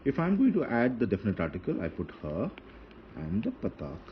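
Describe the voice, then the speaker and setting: A man's voice: fairly low pitch, huge pitch swings, fairly quick. A man teaching a grammar lesson, patiently repeating and spelling out points as he writes. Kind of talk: classroom lecture on grammar. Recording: dull lo-fi recording with faint hiss.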